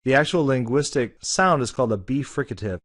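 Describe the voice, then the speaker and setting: A man's voice: mid-range voice, a little fast. Man casually explaining a language lesson. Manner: relaxed, conversational explaining. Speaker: Spanish teacher.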